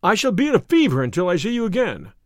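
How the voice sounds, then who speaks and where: A man's voice: sits high, huge pitch swings, fast talker, no echo, studio quality. A man voicing an anxious, grateful young male diplomat who is recovering from an illness, speaking in an earnest, fretful way in an audiobook.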